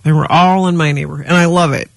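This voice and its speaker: A woman co-hosting a radio show, lively and quick to laugh in casual banter. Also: sits low, gravelly, no echo. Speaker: radio co-host.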